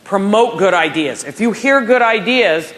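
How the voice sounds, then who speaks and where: A woman in her forties gives a motivational talk to a conference audience. Her pitch leaps and falls as she tells stories and acts out what people said. She speaks to the crowd from a stage. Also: measured pace. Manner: animated, telling stories and acting out dialogue. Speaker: keynote speaker at a professional conference.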